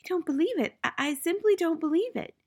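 A woman reading the part of a gentle, kind young schoolteacher who speaks softly, often close to a whisper, as an audiobook character. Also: a little high, expressive, a little fast, breathy edge, pitched above the performer's own voice. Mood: astonished. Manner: soft-spoken, gentle, often near a whisper.

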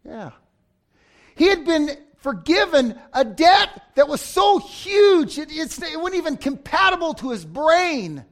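A man preaching a sermon, swinging from loud outbursts to near-whispers, acting out story voices with humor. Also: extremely high pitch, big pitch swings, unhurried. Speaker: pastor.

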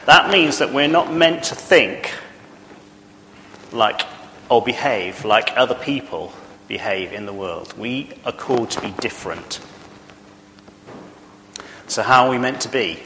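Bright-voiced preacher in an echoing church. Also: male voice, medium pitch, animated, measured pace, long pauses, slight background noise. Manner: earnest, conversational, asks the congregation questions. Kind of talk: sermon.

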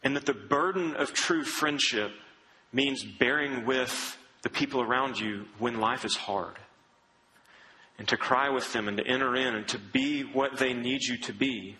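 A man preaching a sermon in an earnest, conversational way, often dropping to a soft, low tone. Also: measured pace, slight background noise, rough recording.

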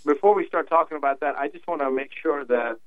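A man's voice: fairly high pitch, fast talker. A man calling in as a regular guest doctor on a radio show, joking and playfully arguing his point in casual chat. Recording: phone line.

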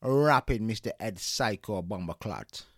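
A man voices a crude teenage boy who fakes street slang to provoke adults. He sneers through each line with a low, gravelly drawl, as in a comedy sketch. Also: expressive, a little slow, fairly bright tone, dry recording, studio quality, exaggerated voice. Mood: sneering.

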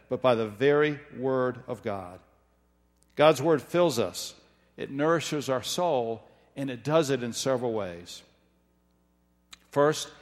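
Guy preaching a sermon, measured and emphatic, big echoey church sound. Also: mid-range voice. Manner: measured, emphatic, slows down for scripture. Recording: long hall reverb.

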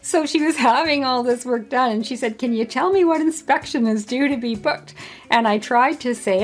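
Giggly middle-aged woman, podcast host, casual storytelling, slightly high voice, faint music under it. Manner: giggly, laughs through her own story.

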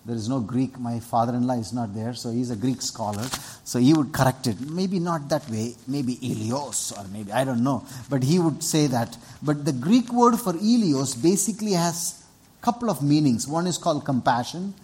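A man's voice: mid-range voice, animated, moderate pace, a little mellow, breathy edge. A man with an Indian accent preaching a sermon in church, earnest and repetitive, drawing responses from the congregation. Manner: earnest, repeats himself, asks the congregation for responses. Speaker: pastor.

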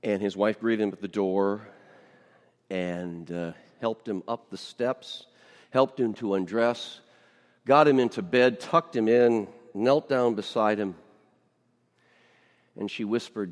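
A middle-aged man, a pastor, telling stories in a sermon, swinging between loud, lively lines and hushed ones. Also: on the low side, slow pace. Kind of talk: storytelling sermon. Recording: long hall reverb.

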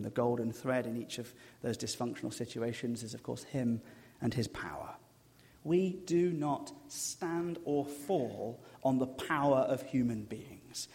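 A man preaching a sermon as a pastor, an animated storyteller who drops to a hush for emphasis. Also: medium pitch. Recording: long reverb of a hall.

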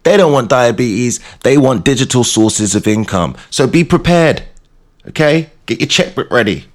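A man's voice: medium pitch, normal speed. A man hosting his show, telling playful comic stories in a casual monologue. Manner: animated, playful storytelling. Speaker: show host.

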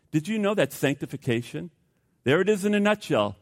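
A male pastor preaching a sermon, swinging between loud outbursts and hushed asides, with rhetorical questions and repeated words. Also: a little high, expressive, fairly quick. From United States.

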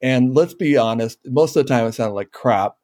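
Middle-aged sound engineer in casual talk. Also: male voice, medium pitch, normal speed, no room sound. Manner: relaxed, joking, trails off at phrase ends. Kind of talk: casual panel discussion.

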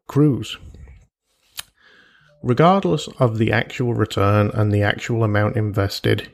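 Gravelly-voiced male podcast host. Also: lowish voice. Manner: chatty and jokey, with asides and imagined quotes. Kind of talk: solo personal finance podcast.

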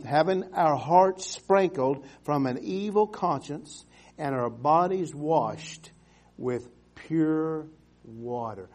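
A male pastor preaching a sermon, calling for amens and drawing scripture out slowly, swinging from loud exhortation to hushed storytelling. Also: a little high. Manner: emphatic, calls for amens, stretches scripture slowly.

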